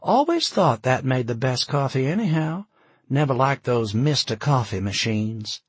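A man voicing a calm, practical adult woman who speaks in a soft, matter-of-fact way. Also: mid-range voice, a little slow, husky, no echo, voice pushed up. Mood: wry.

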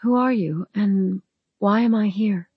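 A reader voicing a frightened young woman who speaks in a shrill, shaking voice, raised high. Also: unhurried, slightly rough, no echo, muffled recording. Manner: high, pleading questions.

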